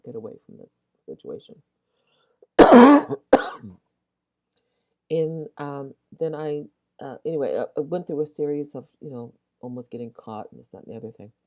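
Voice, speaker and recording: A woman hosting a Christian video, telling a personal testimony in a rambling way, full of restarts and asides, while yawning and clearing her throat. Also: a bass voice. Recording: dull lo-fi sound.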